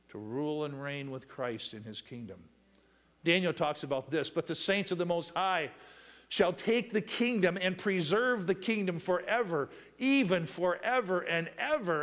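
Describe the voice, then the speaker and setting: A man preaching a sermon who reads scripture slowly, calls on the congregation to fill in words, and swings between loud raised passages and quiet asides. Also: high voice. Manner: asks the congregation to finish verses with "what?"; reads scripture in slow drawn-out phrases. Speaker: pastor.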